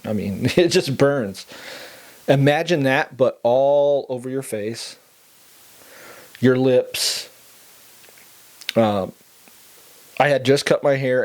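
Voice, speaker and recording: A young man tells his story in a relaxed, conversational way, laughing between lines. In the heavy moments his voice drops low and quiet. His pitch sits in a normal middle range for a man. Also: slow, long pauses. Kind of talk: casual personal storytelling.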